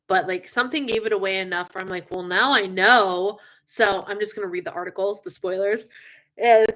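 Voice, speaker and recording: A young woman hosting a casual live stream, chatting with viewers in an animated way, with lots of fillers and frequent yawns. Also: medium pitch, fast talker. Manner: chatty, animated, yawning often, many fillers. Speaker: livestream host.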